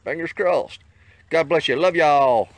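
A man casually talking to the camera while fishing on a riverbank, hot and a little out of breath, folksy and quick to grumble. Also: on the high side, no echo. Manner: folksy, excitable, swears mildly at fish. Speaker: fishing vlogger. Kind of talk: casual outdoor vlog. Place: outdoors on a riverbank. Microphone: handheld camera mic.

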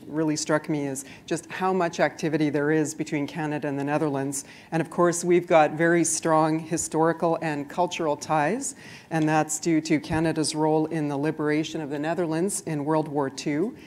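A woman's voice: deep voice, steady tone, moderate pace, darkish tone. A woman diplomat giving an informative presentation at a trade forum.

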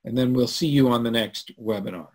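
Husky man hosting a live webinar. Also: medium pitch, brisk. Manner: animated storytelling, swinging from loud to hushed. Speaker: webinar host. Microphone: computer mic on a video call.

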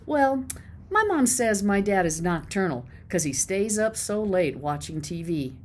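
A woman's voice: medium pitch, sing-song, measured pace, a little mellow. A woman voicing a squirming young schoolboy who explains himself hesitantly. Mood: sheepish.

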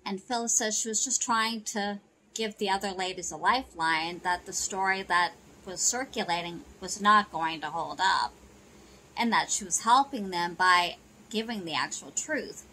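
Woman chatting thru a soap recap, bright crisp voice, easygoing retelling. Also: medium pitch, normal speed, a little hiss or hum, low-quality recording. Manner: chatty retelling with "you know" and "she goes". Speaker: soap opera recap narrator. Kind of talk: casual plot recap narration.

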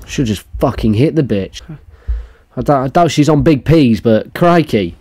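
A man's voice: medium pitch, expressive, moderate pace, dark tone, slightly rough. A young man casually reacting to memes, crude and jokey, rambling with restarts. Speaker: meme reaction streamer. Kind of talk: casual meme reaction commentary.

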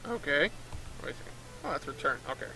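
A man commentating on a game he is playing, with excited, mock-indignant quips. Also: fairly high pitch, quick pace, slight background noise, low-quality recording. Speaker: gamer. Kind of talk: let's play commentary.

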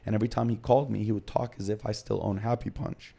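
A man's voice: lowish voice, steady tone, fast, gravelly, warm tone, breathy edge. A man as a podcast guest, candidly recounting his own story in short, confessional present-tense bursts.

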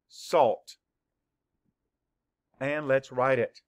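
A man teaching a spelling lesson to young children, dictating words slowly and clearly, sound by sound. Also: mid-range voice, fairly bright tone. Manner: slow, clear word-by-word dictation.

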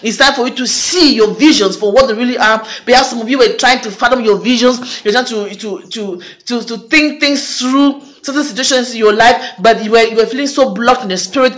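A woman minister giving a prophetic declaration to a video audience, fervent and repetitive, restating each phrase again and again. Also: fairly bright tone. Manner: rising to a fervent high pitch at climaxes.

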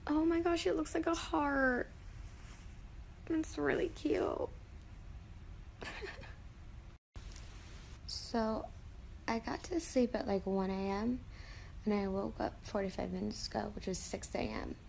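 A woman's voice: fairly high pitch, slow, gravelly, pauses often, darkish tone, a little hiss or hum. A woman chatting in a casual selfie video diary at home, bubbly and exclamatory, recorded on a phone held at arm's length. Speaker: vlogger. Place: at home indoors.

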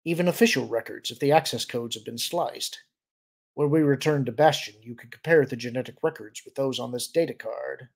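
A man's voice: mid-range voice, gravelly. A man voicing a composed senior male admiral who speaks coolly and with authority. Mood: firm. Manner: cool, measured.

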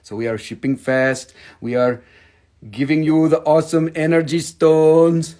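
A man hosting a live-stream crystal sale, rambling and joking in a goofy, playful way with sudden shouts. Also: a little high, little pitch movement, a little slow.

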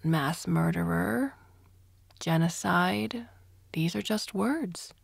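A woman voicing a cruel female interrogator who speaks in slow, menacing whispers. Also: on the low side, lively intonation, creaky, a little mellow, slightly rough, no room sound, clean studio sound, heavily acted. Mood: cold menacing.

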